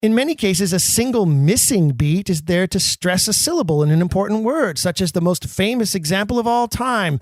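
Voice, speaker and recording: A podcast host with a high, expressive male voice explains Shakespearean verse to actors, speaking emphatically and dropping in wry, self-mocking asides. His pace is moderate with few pauses, and the recording is dry and studio quality.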